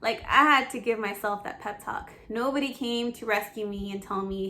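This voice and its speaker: Young woman vlogger, slightly high voice, candid, laughs through tears while telling her story. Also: normal speed, hardly any pauses. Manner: candid and emotional, laughs through tears, animated self-talk. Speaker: fitness vlogger. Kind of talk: personal storytelling to camera.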